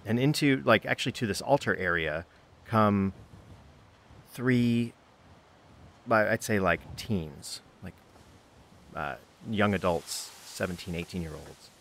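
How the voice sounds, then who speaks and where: Halting, low-voiced man as game master. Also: a bit bright, slight background noise. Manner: halting, with many fillers and restarts. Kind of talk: narrating a tabletop game.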